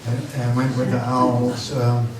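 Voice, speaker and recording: Slow-spoken man giving a memorial talk. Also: mid-range voice, monotone, background noise. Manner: slow, warm-humored, laughing asides. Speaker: memorial speaker. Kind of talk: informal eulogy. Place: coffee house gathering. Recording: roomy, distant, chatty crowd.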